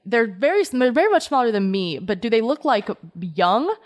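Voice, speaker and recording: A woman's voice: fairly high pitch, big pitch swings, fairly quick. A woman playing a tabletop game, rambling and full of fillers as she explains her character's choices. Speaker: player.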